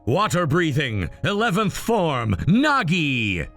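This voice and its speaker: A man's voice: a little high, big pitch swings, slow, a bit bright, soft background music, exaggerated voice. A man voicing an earnest young male swordsman who calls out urgently. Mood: commanding.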